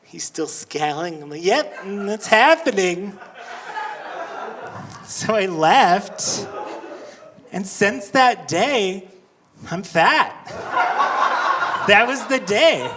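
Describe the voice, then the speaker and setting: A man telling a self-deprecating stand-up story, awkward and animated, his pitch swinging widely. He works a handheld stage mic, and the noise of a live club sits underneath him. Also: drawn-out words, long pauses. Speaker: stand-up comedian. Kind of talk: stand-up comedy set. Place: live comedy show at a restaurant venue.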